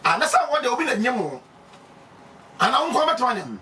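A man with a Ghanaian accent preaching emphatically, laughing often and breaking into shouts. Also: extremely high pitch, wildly swooping pitch, fast, recorded from a distance, a little hiss or hum. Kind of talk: animated preaching.

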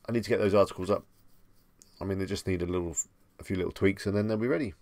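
A man's voice: deep voice, fairly even intonation, very fast, darkish tone, no echo. A young man with a Bedfordshire English accent, hosting a live stream and chatting easily with viewers as he answers their questions. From England. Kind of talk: casual live stream chat. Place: home room at night.

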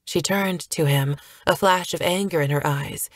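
A woman with a fairly low voice reads audiobook narration from a script, keeping her delivery steady, measured, and even.

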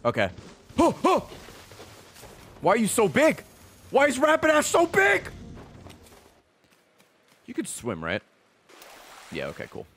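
A male streamer in excitable, profane gaming commentary who laughs often. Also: very high-pitched, takes it slowly, long pauses, slight background noise.

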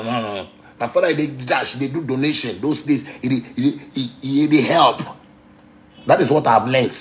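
Defiant man with Ghanaian Pidgin accent. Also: medium pitch. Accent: Ghanaian Pidgin English. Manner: blunt, defiant, repetitive, swears freely. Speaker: musician talking to fans live. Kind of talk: livestream rant.

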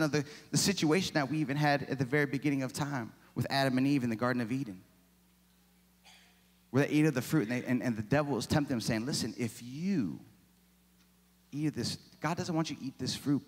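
With a slightly bright voice on the high side, a man in his forties delivers a sermon as pastor, chatty, poking fun at himself, and firing off rhetorical questions. The sanctuary's long church-hall reverb surrounds him.

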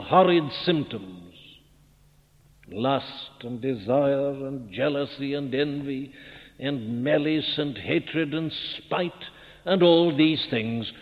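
Fervent preacher in an echoing hall. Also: male voice, on the high side, lo-fi sound. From Wales. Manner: earnest, rhetorical questioning, rising to fervent emphasis. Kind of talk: sermon. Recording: old archival tape, phone-thin sound, long hall reverb.

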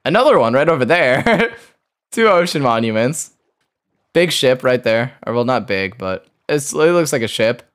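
A male streamer giving live commentary on his own gameplay. His voice swings widely in pitch as he reacts. He mutters, repeats phrases over and over, and swears freely while he plays. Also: moderate pace. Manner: excitable, talks to himself, repeats words, swears. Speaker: gaming streamer.

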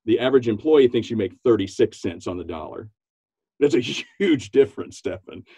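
A man's voice: moderate pace, breathy edge, no echo. A man, a business coach, talking enthusiastically as a podcast guest, laughing often and acting out quotes. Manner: animated, laughs often, acts out quotes in a high voice. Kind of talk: enthusiastic interview talk.

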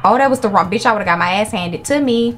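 A young woman commentating her horror gameplay, excitable and profane, with jumpy reactions. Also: mid-range voice, fast, faint music behind. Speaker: gaming channel host. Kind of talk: live horror game commentary.

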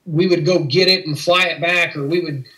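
A man's voice: fairly high pitch, steady tone, normal speed, sharp tone, poor audio. A middle-aged man from Missouri, an interview guest, earnestly telling a personal faith testimony and acting out the voices of people in it. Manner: earnest storytelling, acts out quoted dialogue.

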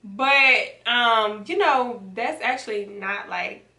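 A woman's voice: fairly high pitch, slow, sharp tone. A woman hosting a reaction video in casual chat, laid-back and slangy, drawing out her words with plenty of fillers. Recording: echoey room, mic far off, faint background hiss.

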